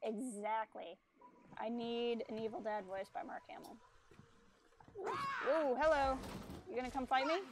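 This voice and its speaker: A woman's voice: high voice, animated, measured pace, long pauses, background noise. A woman streaming a video game, chatting casually, explaining mechanics and teasing enemies on screen. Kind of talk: casual gameplay commentary.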